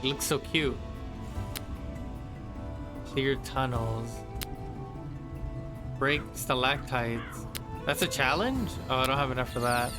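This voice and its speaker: Male streamer, playful, mid-pitched, reading game text over music. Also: takes it slowly, pauses often. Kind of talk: casual gameplay commentary.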